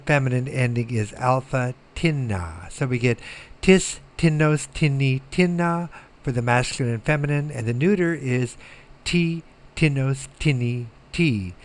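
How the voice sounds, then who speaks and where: In a recorded lecture, a middle-aged Greek teacher speaks slowly and methodically at a medium pitch. He repeats words so his students can keep up.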